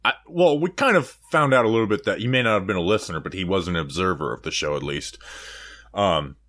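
Low-voiced man introducing clips. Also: fast. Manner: relaxed, introduces archive segments. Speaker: podcast host introducing clips. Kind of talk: casual chat.

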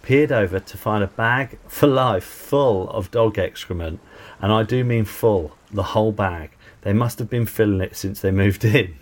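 A man's voice: fairly low pitch, moderate pace. A man, co-hosting a podcast, easygoing and casual while reading listener messages. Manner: easygoing, laughing agreement. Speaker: podcast co-host. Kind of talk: casual chat.

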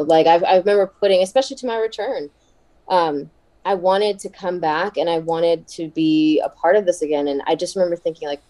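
A woman guest in a casual interview, chatty and quick to laugh, with many fillers. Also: lowish voice, mellow, poor audio. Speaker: wrestler and podcast guest.

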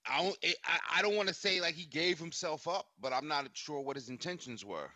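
A man chatting casually about a fight, pausing and searching for words. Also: a little high, bright, forceful tone, no room sound.

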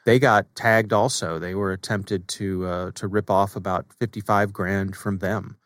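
A man co-hosting a podcast, chatting in a relaxed way with plenty of fillers. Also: low-pitched, measured pace, no room sound. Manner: relaxed, conversational, many fillers. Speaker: podcast co-host. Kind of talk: casual podcast chat.

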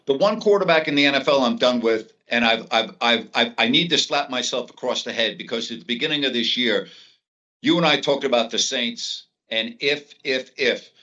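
Man, bright tense voice, sports debate, sounds far off and muffled. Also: medium pitch, normal speed. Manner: emphatic, builds to heated rhetorical questions. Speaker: sports talk co-host.

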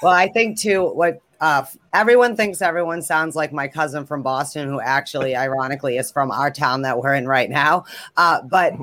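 A woman's voice: sits low, normal speed, fairly bright tone. Woman with an Eastern Massachusetts accent. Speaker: podcast co-host. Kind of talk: casual interview chat.

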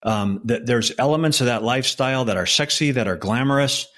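A man in his sixties, a former undercover federal agent, telling a personal story in an interview in an earnest, emotional way with halting restarts. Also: mid-range voice, fairly bright tone.

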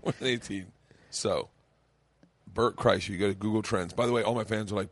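A man's voice: lowish voice, steady tone, a little fast, dry recording. A middle-aged man hosting a podcast, telling stories in boisterous, casual chat and swearing freely. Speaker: podcast host. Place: home studio.

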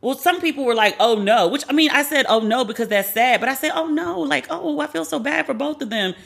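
A woman's voice: high voice, animated, fast talker, gravelly, a bit bright, breathy edge. A woman hosting a podcast alone, talking in a chatty, candid, profane way. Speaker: podcast host. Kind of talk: casual solo commentary.

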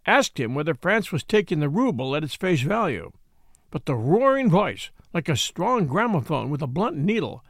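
A man's voice: fairly high pitch, no room sound, studio quality. A man hosting a podcast and reading a memoir aloud as an audiobook, telling the story expressively and acting out the quoted speech. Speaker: podcast host and narrator.

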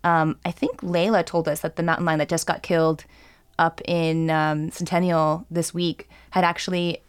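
A woman co-hosting a casual talk show, explaining things in a measured, informative way. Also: low-pitched, little pitch movement, clear, resonant tone, no room sound. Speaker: podcast co-host. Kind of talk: casual chat.

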